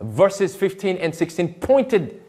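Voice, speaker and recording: High, lively-voiced man preaching commentary. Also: slow pace, breathy edge. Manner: emphatic, repeats quotes, asks rhetorical questions. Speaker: pastor. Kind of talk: sermon-style video commentary.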